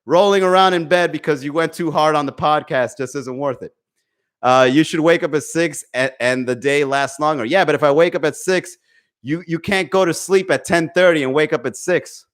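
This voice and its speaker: Guy doing a live comedy podcast from home, kinda high voice, cusses a lot, shouting out people in chat. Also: normal speed. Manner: profane, animated, talks to chat viewers. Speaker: podcast host. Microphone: desk microphone.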